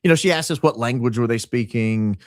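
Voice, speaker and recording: A man's voice: medium pitch, brisk, no echo, studio quality. A man in his forties, a podcaster and former radio host, chatting animatedly as an interview guest, telling stories with frequent restarts. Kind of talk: casual interview talk.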